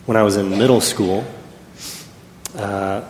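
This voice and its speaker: A man preaching a sermon, telling a personal story and swinging between loud and hushed delivery. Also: lowish voice, steady tone, a little slow, a little hiss or hum. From Texas. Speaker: pastor. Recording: echoey hall with faint ambience.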